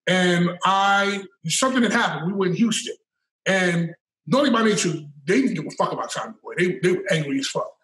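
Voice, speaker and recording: A middle-aged man telling his story as an interview guest, animated, emphatic and full of swearing. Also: high-pitched, fairly quick, slight background noise. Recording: echoey room, mic at a distance.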